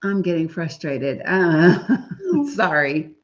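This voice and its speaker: Through dull, lo-fi stream audio, a livestream host talks directly and emphatically to her viewers in a casual setting. Her voice is on the low side, very animated and slow.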